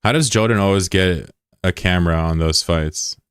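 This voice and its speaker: A man's voice: low-pitched, moderate pace, smooth, no room sound, studio quality. A man streaming live, chatting casually with viewers in a rambling, self-deprecating way. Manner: rambling and self-deprecating, reads chat aloud. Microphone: broadcast mic with voice filter.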